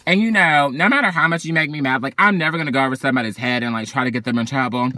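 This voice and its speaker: A young man venting to camera from his car in a sassy, dramatic monologue. He swings between loud outbursts and weary sighs. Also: medium pitch, rapid-fire. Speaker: vlogger. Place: parked car.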